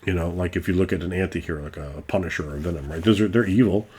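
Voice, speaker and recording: A man's voice: deep voice, very fast, darkish tone, husky. A middle-aged man and game master talking casually in a rambling way, restarting often and swearing freely. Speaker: game master and video host.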